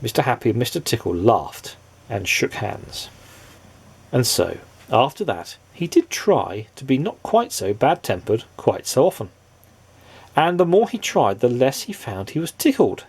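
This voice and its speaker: Expressive dad reading a storybook aloud. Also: male voice, medium pitch, unhurried, vocal fry, slightly rough. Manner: expressive, playful, asks the listener questions.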